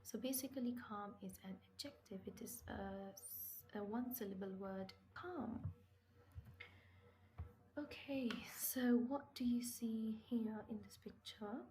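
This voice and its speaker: This English vocabulary lesson is slow and patient: the teacher, a woman, asks questions, answers them herself, and leans on key words. Her dark, high-side voice moves at a measured pace with few pauses, on a low-quality recording.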